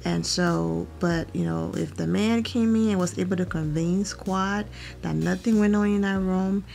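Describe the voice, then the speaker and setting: A woman hosting a casual reality TV recap, animated and opinionated with quick asides. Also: fairly low pitch, creaky, faint music behind.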